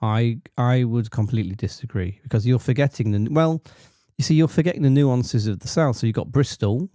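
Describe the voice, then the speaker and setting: A man's voice: medium pitch, fairly quick, dark tone, no room sound, studio quality. A middle-aged man co-hosting a casual podcast debate, teasing and quizzing his son. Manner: teasing, quizzing, talks over others. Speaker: podcast co-host, dad.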